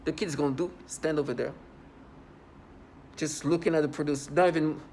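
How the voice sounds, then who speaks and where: A man's voice: fairly high pitch, steady tone, moderate pace, darkish tone, a little hiss or hum. A man talking straight to camera in a casual monologue, agitated and rambling, repeating himself often.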